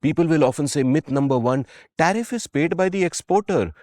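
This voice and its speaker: A man's voice: fairly high pitch, expressive, fairly quick, darkish tone, no echo, clean studio sound. A man with an Indian English accent co-hosting a podcast, explaining economics in an emphatic, punchy, conversational way. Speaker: podcast co-host. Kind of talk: casual economics discussion.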